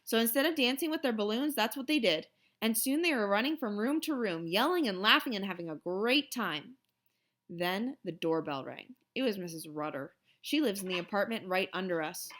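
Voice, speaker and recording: A woman reading a children's novel aloud in an expressive storytelling manner. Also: mid-range voice, moderate pace. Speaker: reader.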